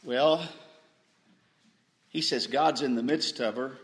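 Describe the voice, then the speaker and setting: A man preaching a sermon, rising to loud emphatic peaks and dropping to quiet asides, often stammering and restarting. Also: mid-range voice, takes it slowly. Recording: echoey room.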